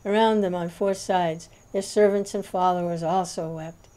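Mellow-voiced woman reading scripture. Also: lowish voice, fairly even intonation. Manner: measured, reverent narration. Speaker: reader.

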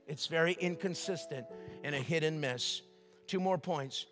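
An older man preaching a sermon as pastor, lively and joking, asking the crowd questions. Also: a little high, normal speed, big-room sound, soft background music. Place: church sanctuary.

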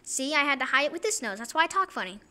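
A woman voicing an excitable young male toy reindeer who talks funny through a covered nose. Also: high-pitched, fast talker, heavily acted. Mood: explaining.

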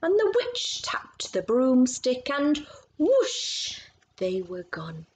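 Woman reader for children's storytime, slow and expressive, questions to little listeners. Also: high voice, a little hiss or hum, rough recording. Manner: expressive, asks listeners questions about the pictures. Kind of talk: reading a picture book aloud to children.

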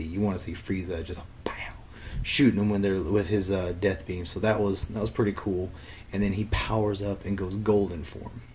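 A man's voice: low-pitched, a little mellow, a little hiss or hum. A man hosting his own channel, casually talking through an episode in a rambling way with lots of fillers and restarts, a little under the weather. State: under the weather, slightly ill. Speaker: channel host. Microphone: computer webcam mic.

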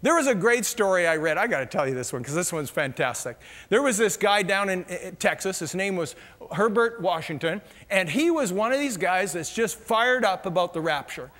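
A man's voice: sits high, lively intonation, moderate pace, fairly bright tone. A middle-aged man preaching a sermon, telling humorous stories and laughing at his own jokes. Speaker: pastor. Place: large church hall. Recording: reverberant church hall.

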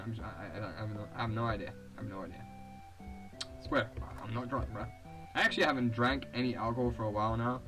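In a rough recording, a young man with a medium-pitched, fairly bright voice hosts a let's play. He gives casual, profane commentary over a video game, reads its text aloud, and laughs often.

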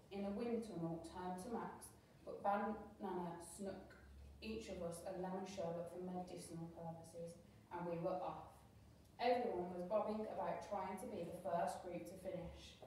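A woman's voice: fairly low pitch, slight background noise. A woman teacher reading a children's storybook aloud expressively, with the odd slip she corrects as she goes. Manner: expressive reading with small slips and self-corrections. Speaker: primary school teacher. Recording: very echoey room, voice from far off.

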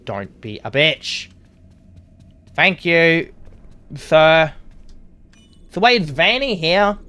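A man's voice: fairly high pitch, pushed and bright. A man giving casual gameplay commentary, sarcastic and swearing at the game's characters. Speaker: gaming YouTuber.

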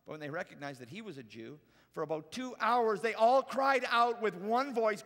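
A man's voice: high voice, expressive, moderate pace, fairly bright tone, in a large hall. A man preaching a sermon as pastor, casual and conversational, with playful asides to the congregation. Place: large church auditorium.

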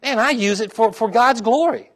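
A middle-aged male pastor preaching a sermon, checking in with the congregation with "okay?" and "amen?" and dropping to a quiet, heartfelt tone when he talks about his own trials. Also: very high voice, normal speed.

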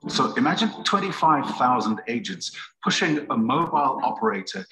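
A man playing a smug tech entrepreneur in a promo video, pitching with confidence. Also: sing-song, normal speed, a crowd in the background, lightly acted, low-quality recording. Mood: confident. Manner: confident, sales-pitch delivery. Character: smug male tech entrepreneur under questioning. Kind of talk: promo video role-play.

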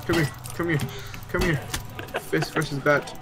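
A man playing along with friends in casual gaming chat, frantic in his quick reactions. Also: fairly high pitch, steady tone. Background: game music.

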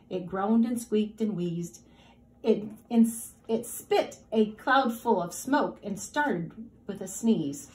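A woman teacher reading a rhyming picture book aloud in a lively, rhythmic way. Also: mid-range voice.

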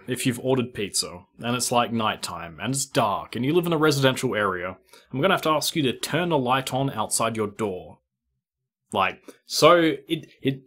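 A man's voice: medium pitch, fairly bright tone. A young man, a pizza delivery driver, telling stories in a rambling, profane, exasperated rant. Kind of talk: casual ranting storytelling.

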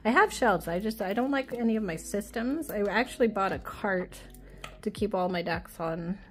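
A woman's voice: mid-range voice, moderate pace, fairly bright tone. A woman with a child chatting casually while flipping through an oracle deck, giggling often, wandering off-topic and teasing herself. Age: adult with a child. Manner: chatty, giggly, self-deprecating, easily sidetracked.

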